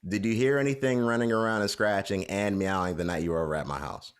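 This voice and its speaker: A man's voice: lowish voice, fast, smooth. A man co-hosting a podcast, telling a long story in a casual, rambling way with lots of fillers. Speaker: podcast co-host.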